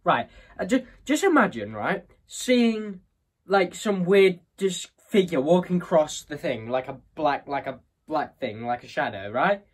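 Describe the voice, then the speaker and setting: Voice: medium pitch, big pitch swings, a little slow, breathy edge. A speaker giving casual, rambling and scoffing commentary while reacting to a video.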